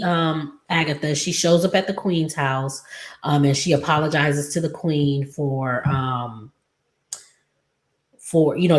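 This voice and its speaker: A woman casually recapping a TV episode, rambling with many fillers. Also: low voice. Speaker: recap vlogger. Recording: echoey room.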